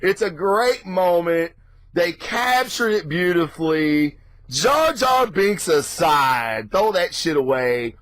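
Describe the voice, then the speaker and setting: A man hosting his own show, ranting casually and excitably with lots of swearing. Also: slow, dry recording. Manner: profane, excitable, mimics reactions in a high voice. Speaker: podcast host.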